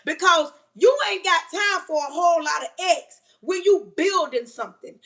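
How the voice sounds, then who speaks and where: A woman in her forties talks straight to her live viewers with a high, bright-pitched voice. She preaches her advice emphatically and keeps calling her listeners "baby." It is a casual, heartfelt, sermon-like chat. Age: 40s. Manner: talks while doing kitchen chores. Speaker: livestream host.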